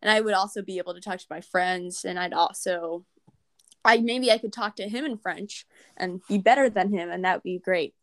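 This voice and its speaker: A teenage girl in casual chat, telling animated stories with laughter. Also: medium pitch, moderate pace, no echo. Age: teens. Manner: chatty, animated, laughing storyteller.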